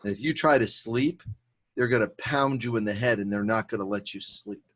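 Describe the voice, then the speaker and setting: A man's voice: lowish voice, fairly quick, fairly bright tone. A man voicing a bold young drummer hero in a spoken fable, cocky and unafraid. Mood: defiant.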